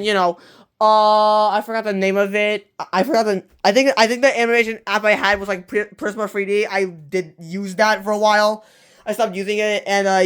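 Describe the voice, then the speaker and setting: A young channel creator in their late teens giving a casual update, rambling in rushed bursts with many restarts and self-corrections. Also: mid-range voice, a bit bright. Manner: breathless rush, trailing off with fillers. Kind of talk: casual rambling vlog talk.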